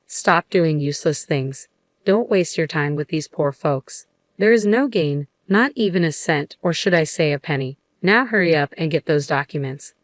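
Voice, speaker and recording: A haughty, dismissive salesman who scoffs at his customers in a low, flat voice, as a woman narrator puts him on. The story is read in a dry, close recording. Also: moderate pace, no room sound. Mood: bossy. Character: arrogant, mocking male condo salesman.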